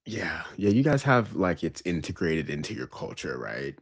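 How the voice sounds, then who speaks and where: A man's voice: low voice, sing-song, normal speed, husky, no room sound, studio quality. A laid-back young man co-hosting a casual podcast, talking loosely with lots of slang. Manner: laid-back, lots of bro and like, laughs often. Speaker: podcast co-host. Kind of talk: casual chat.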